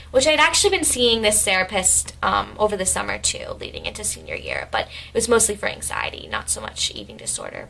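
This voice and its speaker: A woman's voice: mid-range voice, creaky, fairly bright tone, rough recording. A young woman vlogger recounting a hard personal story, rambling and emotional, quoting herself and others as she goes. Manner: emotional, rambling retelling with many "I was like" quotes.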